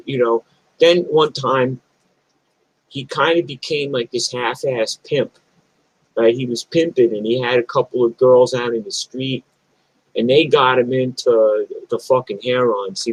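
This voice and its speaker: A man's voice: mid-range voice, no echo, rough recording. A middle-aged man with a New York accent telling old neighborhood stories in a rambling, profane way, full of fillers. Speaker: storyteller host. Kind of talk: casual storytelling.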